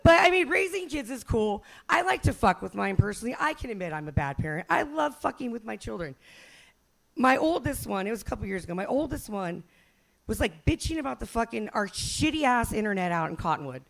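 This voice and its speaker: A woman's voice: a little high, big pitch swings, fairly quick, vocal fry. A woman in her forties doing a brash, profane, self-mocking stand-up comedy set.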